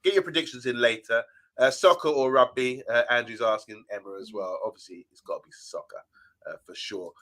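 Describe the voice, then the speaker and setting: Bright-voiced man chatting on a livestream. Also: mid-range voice, a little fast. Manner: chatty, reads out viewer comments. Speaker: co-host of a fan channel live show. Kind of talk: casual live-stream chat.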